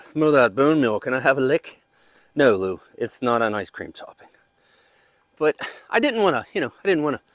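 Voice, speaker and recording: Chatty man with a lively voice. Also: medium pitch, dry recording. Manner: rambling, chatty, talks while digging. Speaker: gardening channel host. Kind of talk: casual chat. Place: outdoor backyard garden.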